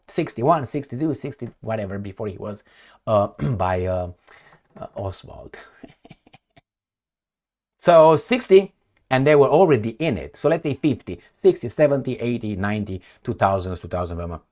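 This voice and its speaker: A man's voice: medium pitch, a little mellow. A man giving casual commentary on the news, blunt, rambling and sarcastic, with some swearing.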